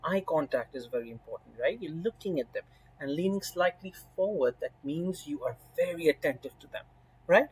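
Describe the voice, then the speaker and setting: A man's voice: fairly high pitch, expressive, a little fast, husky, low-quality recording. A man teaching a medical exam course in a spoken lesson, emphatic and full of "right?" and "you know".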